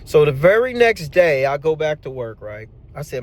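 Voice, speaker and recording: A man telling a personal work story in a casual, animated, slangy way, as a channel host. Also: a little high, normal speed. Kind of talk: storytelling vlog.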